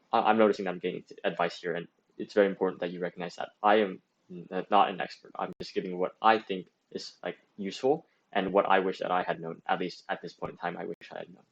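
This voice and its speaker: Young guy streaming, lowish voice, says like a lot, restarts sentences, kinda muffled lo-fi mic. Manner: rambling, full of "like" and restarts; reads and answers chat. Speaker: student club streamer. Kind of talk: casual livestream talk giving advice.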